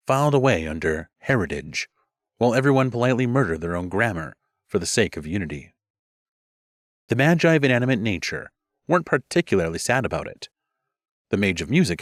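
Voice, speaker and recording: A man's voice: on the low side, no room sound, clean studio sound. A man narrating a fantasy audiobook with a wry, sardonic delivery. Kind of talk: scripted narration.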